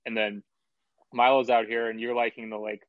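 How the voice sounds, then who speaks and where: A man co-hosting a podcast, giving relaxed, reflective opinions in a casual music review chat. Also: medium pitch, normal speed, dry recording, phone-quality sound. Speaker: podcast co-host.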